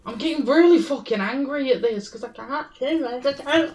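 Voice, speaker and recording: A woman's voice: sits high, normal speed, a little mellow, distant mic. A woman streaming a game, swearing and talking to herself in frustration as she searches for the way forward. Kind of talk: live gameplay commentary.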